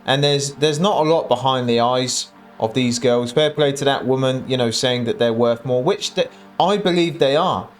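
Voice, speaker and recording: A man's voice: medium pitch, normal speed, hardly any pauses, faint music behind. A man hosting a reaction commentary channel, talking bluntly and mockingly over clips. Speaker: commentary host.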